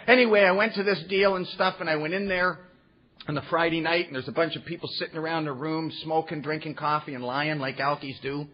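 Husky man telling his recovery story. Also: on the high side, fairly even intonation, brisk, dull audio. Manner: earnest, repeats phrases, tag "huh?" to the audience. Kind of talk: heartfelt storytelling talk to a live gathering. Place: meeting room with audience.

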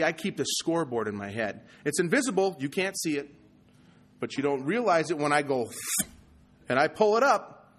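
Guy sharing his story at a meeting, kinda high voice, gets loud and heated then goes real quiet, keeps saying you know. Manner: passionate, swings from loud heated outbursts to low quiet confession; conversational, repeats "you know". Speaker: recovery meeting speaker. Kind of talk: personal testimony talk.

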